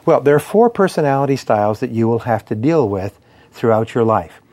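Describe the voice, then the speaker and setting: Male speaker, motivational lecture, measured emphatic delivery, mid-range voice. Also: mid-range voice, expressive, a little mellow. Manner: measured, emphatic, lists points in cadence. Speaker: speaker on persuasion and sales.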